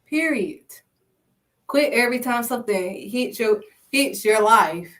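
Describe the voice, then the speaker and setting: A woman's voice: on the high side, expressive, a little slow, fairly bright tone, recorded from a distance. A woman giving a casual preaching talk about faith. She speaks emphatically, punctuates her points with "period" and calls listeners honey and sweetheart.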